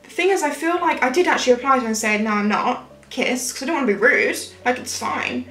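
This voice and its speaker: A woman's voice: high voice, lively intonation, fast, a bit bright. A young woman chatting through a makeup tutorial, rambling and losing her train of thought. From Britain. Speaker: beauty vlogger. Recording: echoey room with faint music.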